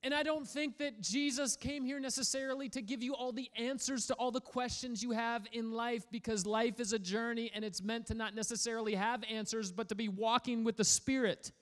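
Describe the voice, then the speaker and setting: A pastor preaching a sermon in an energetic, playful way, prodding the congregation to respond. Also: male voice, very high voice, a little fast, few pauses. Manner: energetic, playful, prods the audience for feedback.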